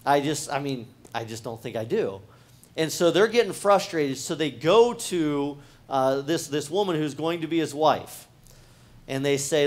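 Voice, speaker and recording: A man's voice: fairly high pitch, expressive, a little slow. A man, a pastor, preaching a sermon in a casual, conversational way, talking straight to the congregation and often restarting his phrases. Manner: talks directly to the congregation.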